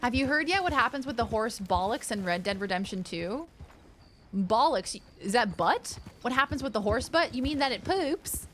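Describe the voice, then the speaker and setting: A woman with a high, bouncing voice comments on a game she is streaming from home. She jokes, exclaims and chats with viewers on a desk microphone. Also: normal speed, a little hiss or hum. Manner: animated, jokey, exclaiming at the screen.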